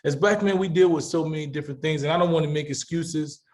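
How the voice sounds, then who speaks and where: A middle-aged man hosts a panel discussion as a talk show host, his voice fairly high and his pace fast. He speaks with passion and emphasis, repeating words as he builds his point.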